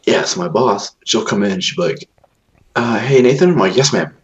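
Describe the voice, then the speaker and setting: A man co-hosting a casual podcast, telling relaxed stories, swearing often, and saying sir and ma'am out of habit. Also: on the low side, brisk, highs cut off, crowd noise. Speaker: podcast co-host. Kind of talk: casual chat.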